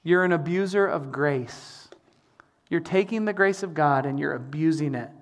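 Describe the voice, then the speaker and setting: A middle-aged man preaching a sermon as pastor, animated, with emphatic repetition and the odd sung line. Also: on the high side, normal speed.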